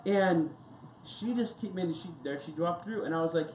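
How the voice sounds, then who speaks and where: This sermon comes from an American male pastor with a somewhat high voice, speaking at a moderate pace in a church sanctuary. He preaches in a relaxed, wandering manner with anecdotes and asides, while the roomy echo carries faint ambience.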